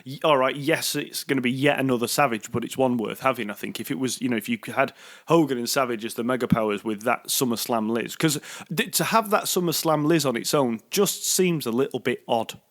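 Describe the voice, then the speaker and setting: Mancunian male podcast co-host, mid-pitched, musing chat with frequent restarts. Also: a little fast, fairly bright tone. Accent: Manchester. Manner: musing, repeats words as he thinks. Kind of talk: casual chat.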